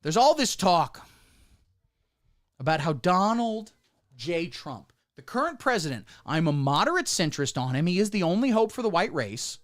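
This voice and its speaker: A man streaming sarcastic commentary, swinging between deadpan mutters and sudden squeaky outbursts. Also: moderate pace. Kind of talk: satirical livestream commentary.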